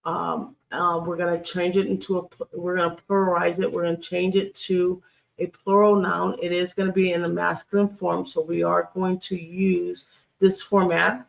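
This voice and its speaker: A Hebrew grammar instructor teaches a lesson over screen share in a medium-pitched, level, creaky voice. He is deliberate, repeats key phrases, and says "um" frequently.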